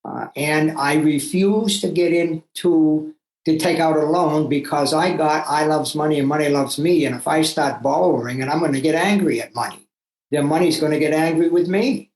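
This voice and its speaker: Older male guest, fairly high voice, emphatic storyteller, echoey room. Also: normal speed. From Massachusetts, USA. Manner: animated and emphatic, with self-talk asides. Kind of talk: personal storytelling. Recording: roomy echo.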